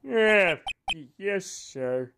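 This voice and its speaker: A woman's voice: mid-range voice, expressive, noisy background, pitched above the performer's own voice. A woman voicing a bumbling, nervous male police detective who stammers, reading game lines aloud. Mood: flustered. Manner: stammering, halting.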